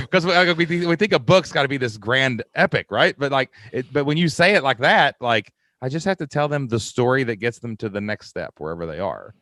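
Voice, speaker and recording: A man from Kentucky hosting a podcast, chatty and quick to laugh, full of "like" and "right?". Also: medium pitch, expressive, a bit bright, no echo, clean studio sound. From Kentucky, USA. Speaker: podcast host. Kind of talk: podcast interview.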